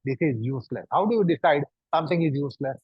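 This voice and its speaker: Husky-voiced man teaching a yoga class. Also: on the high side, lively intonation, fast, no room sound. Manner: repetitive, probing rhetorical questions. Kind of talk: instructing a class. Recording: dull lo-fi recording.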